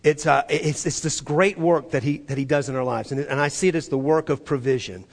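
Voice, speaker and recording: A male pastor preaching a sermon to his church and leading the congregation in call-and-response, moving between loud emphatic passages and hushed, soft ones. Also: on the high side, brisk. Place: church sanctuary. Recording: long hall reverb.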